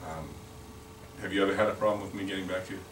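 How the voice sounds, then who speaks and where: Racing through a lunch-and-learn product training, a salesman with a low voice and fairly even intonation rambles, with many repeated words and restarts. The meeting room audio is echoey, captured from afar with faint noise.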